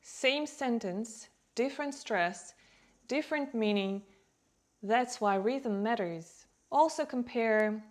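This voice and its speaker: A woman teaching English in a calm, unhurried voice that sits a little high. She lays heavy stress on key words so learners can hear the rhythm. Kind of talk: slow, clear teaching delivery.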